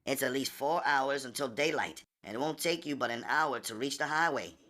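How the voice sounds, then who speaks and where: Audiobook role: husky, soft-spoken flirtatious widow, pitched well up and quiet, read by a man. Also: normal speed, natural voice. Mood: calm. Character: husky-voiced wealthy widow, coolly flirtatious. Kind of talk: audiobook character voice.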